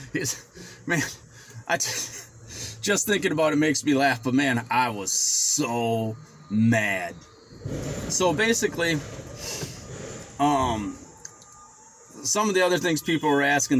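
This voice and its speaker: A man in his forties telling a story casually to the camera, rambling and swearing freely, getting animated when he quotes himself. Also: mid-range voice, a little hiss or hum. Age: 40s. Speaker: finance vlogger.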